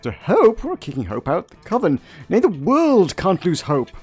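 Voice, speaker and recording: A man's voice: high voice, wildly swooping pitch, moderate pace, darkish tone, husky, soft background music, voice pushed up, exaggerated voice. A man reading aloud the lines of a cool, badass female coven leader in a dating game, in a sardonic tone. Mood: breezy.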